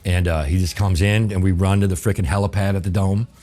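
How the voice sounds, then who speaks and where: In a relaxed interview, the guest, a middle-aged chef from New Orleans, USA, rattles off a story quickly in a very low voice. He performs the dialogue as he goes, and his telling is colorful and profane.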